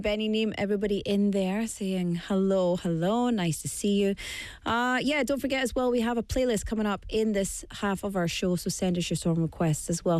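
A woman radio host with a little hoarseness in her throat talks fast and easily, stopping to correct herself now and then. Her voice sits close and dry on a studio mic, with no room around it. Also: medium pitch, darkish tone, no echo. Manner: chatty, self-correcting. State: slightly hoarse. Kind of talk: bilingual radio chat.

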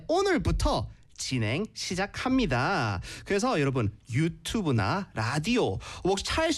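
Brief: quick, animated male radio host, bilingual patter. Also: sits high. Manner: rapid switching between English and Korean, animated.

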